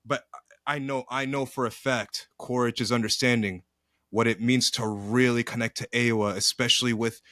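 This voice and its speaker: Man, podcast co-host, casual chat, animated, slangy, dry close mic. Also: mid-range voice, normal speed, dry recording.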